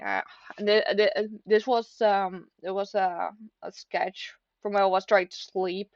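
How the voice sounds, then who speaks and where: A woman's voice: medium pitch, no echo. A young woman talks casually to the camera from her desk at home, rambling and self-deprecating, often stopping and restarting. The sound is dry and slightly dull, like a basic home setup. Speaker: vlogger. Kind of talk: casual confessional chat.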